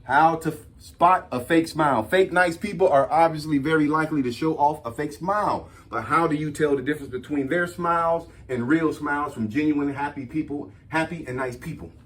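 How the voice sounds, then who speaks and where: Slangy, animated man reading a list. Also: on the high side, fairly quick, few pauses. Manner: animated storytelling, slangy, addresses audience as y'all. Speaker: host. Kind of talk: casual talk reading and riffing on a list.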